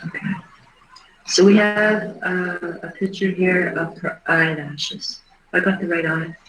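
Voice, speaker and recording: A middle-aged woman hosting a livestream, giving a halting, earnest case commentary. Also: on the low side, fairly even intonation, fairly bright tone, slight background noise. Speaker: livestream host. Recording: roomy echo.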